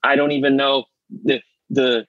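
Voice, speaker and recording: A middle-aged man, an actor guest, telling animated stories in casual chat and acting out the voices of people he quotes. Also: mid-range voice, moderate pace, no echo, muffled recording. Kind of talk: casual storytelling.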